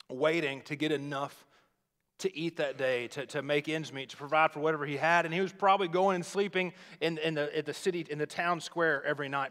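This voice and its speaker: A man preaches a sermon, walking his listeners through a scripture story in a relaxed, conversational way. His voice sits a little high for a man. The sound carries a long reverb from the large church hall around him. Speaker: pastor.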